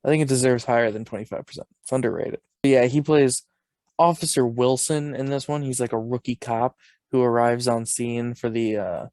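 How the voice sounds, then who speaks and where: A young adult man co-hosting a podcast in a relaxed, rambling way, breaking into laughter as he retells scenes. His voice sits at an ordinary middle pitch. The recording is close and dry, with no room sound. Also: a little fast, dry recording. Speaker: podcast co-host. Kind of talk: casual chat.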